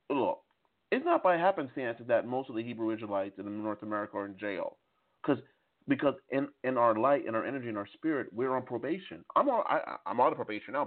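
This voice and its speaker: A man in his fifties speaks fervently over a phone line, his voice squeezed thin and tinny. He sits at a middling pitch and keeps circling back, repeating words and restarting his sentences. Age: 50s. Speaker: participant. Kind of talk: preachy call-in talk. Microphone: phone call.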